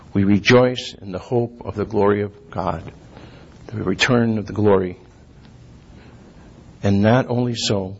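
A man giving a sermon, reading scripture slowly and clearing his throat often. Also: fairly low pitch. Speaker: lay preacher. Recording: dull lo-fi recording.

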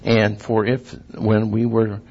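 A man giving a sermon, reading scripture slowly and clearing his throat often. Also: fairly low pitch, little pitch movement. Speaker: lay preacher. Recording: dull lo-fi recording.

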